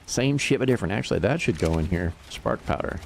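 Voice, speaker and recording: A man's voice: fairly low pitch, expressive, quick pace, vocal fry, slight background noise. A man streaming a game and chatting casually, swearing and laughing his way through stories. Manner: loose, profane storytelling, laughing often. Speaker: livestreamer. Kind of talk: casual gaming stream chat.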